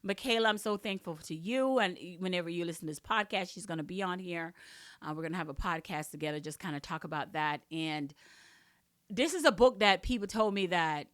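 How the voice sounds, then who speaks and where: A woman from another country hosting a podcast, speaking in an emotional, excitable way, her voice climbing high with laughter when thrilled and settling into grateful, repetitive reflection. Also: fairly quick, no echo. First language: another language. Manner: faith-filled, grateful, repetitive phrasing. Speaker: podcast host and author. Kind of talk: emotional personal podcast talk.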